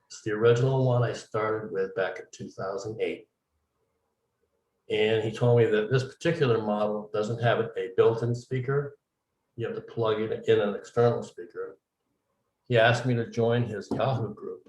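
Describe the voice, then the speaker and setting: A man, a medium-profile interview guest, talks through his story casually and at length, voicing the dialogue he quotes as if acting it. His pitch is fairly low and his intonation fairly even, with a darkish tone and a moderate pace. The recording is roomy, with the mic set at a distance.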